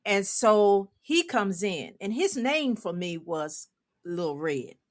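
An older woman, a former coach, telling a lively story on a talk show, laughing often and acting out the people she quotes. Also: medium pitch, takes it slowly. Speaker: guest, former women's basketball coach.

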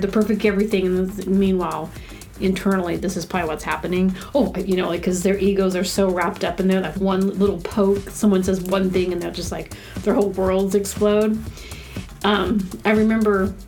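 Chatty rambling woman podcaster. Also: mid-range voice. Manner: rambling, chatty, laughs at own stories. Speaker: podcast host and sketch comedian. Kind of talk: casual storytelling.

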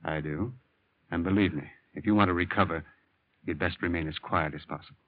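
A man playing a formal, measured doctor in a 1940s radio drama. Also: sits low, no echo. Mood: calm. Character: calm, guarded middle-aged male doctor. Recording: dull, dry lo-fi old radio recording.

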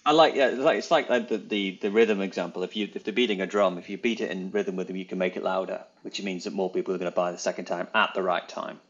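Low-voiced man, dull lo-fi sound. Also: fairly even intonation, fast talker, few pauses. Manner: chatty, many ums and hesitations. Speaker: podcast co-host. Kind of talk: casual business podcast chat.

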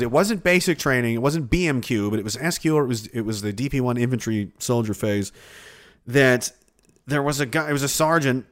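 A man's voice: mid-range voice, fairly bright tone. A man chatting casually as a streamer, rambling and swearing freely while laughing often. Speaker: streamer reading chat. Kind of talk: casual chat.

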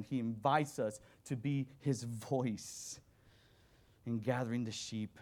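A man preaching a sermon as a visiting missions worker, swinging between loud exhortation and hushed scripture reading. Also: medium pitch, steady tone, a little slow.

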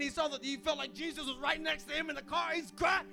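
A young man preaching an energetic sermon as pastor, casual and full of slang, swinging from hushed asides to shouting. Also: extremely high pitch, fast talker, creaky, few pauses, faint music behind.

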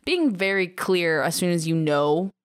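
A woman's voice: on the low side, expressive, measured pace, clean tone. A woman co-hosting a podcast in casual chat, earnestly explaining her view at length. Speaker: podcast co-host.

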